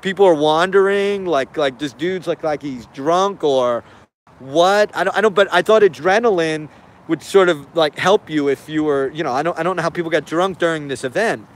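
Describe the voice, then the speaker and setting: A man's voice: a little high, moderate pace. A man giving casual spoken commentary on video footage, hesitant and puzzled, often repeating himself.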